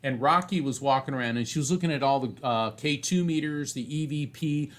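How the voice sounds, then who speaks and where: A man being interviewed as a psychic medium, telling a story in an animated way and often restarting phrases. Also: mid-range voice, brisk.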